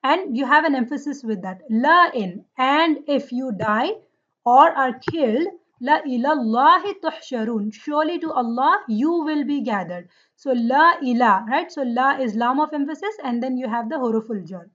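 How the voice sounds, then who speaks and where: Woman teaching arabic grammar, high voice, checks "right? okay?" a lot, kinda muffled lo-fi audio. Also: lively intonation, fairly bright tone. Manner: drills forms slowly, checks with "right?" and "okay?". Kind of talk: lesson on Quranic Arabic grammar.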